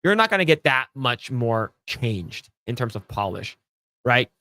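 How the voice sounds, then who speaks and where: This podcast co-host has a mid-range voice with big pitch swings, a measured pace, and a bright, forceful tone, captured in a dry recording. He reads news and chats casually, tossing in blunt jokes and crude asides.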